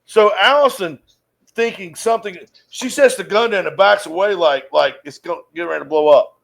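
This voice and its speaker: A man hosting a podcast, spinning a profane, animated yarn in casual talk. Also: high voice, moderate pace, gravelly. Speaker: podcast host. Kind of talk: casual storytelling.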